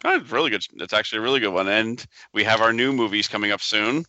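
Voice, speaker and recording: A man co-hosting a casual podcast, playful and quick to laugh. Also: lowish voice, sharp tone, no room sound, lo-fi sound. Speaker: podcast co-host.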